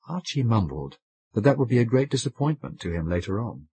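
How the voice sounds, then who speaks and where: A man narrating an audiobook story in a measured, wry storytelling manner. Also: on the low side, very animated, dark tone, breathy edge, no room sound. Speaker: audiobook reader.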